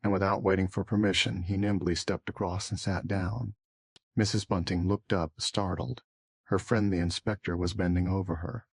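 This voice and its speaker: A man narrates an audiobook in a steady, even way. His voice is very low and husky. The recording is close and completely dry. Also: normal speed, dry recording.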